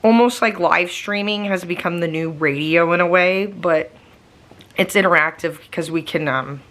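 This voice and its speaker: A woman's voice: normal speed, a bit bright. A woman vlogging casually from her living room, tired and nursing a migraine, rambling with plenty of fillers. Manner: rambling, low-key, lots of fillers. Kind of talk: casual daily vlog chat.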